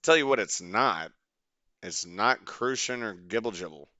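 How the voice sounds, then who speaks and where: A young man casually commentating his game as a streamer, rambling, excitable and swearing freely. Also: on the low side, unhurried, dry recording.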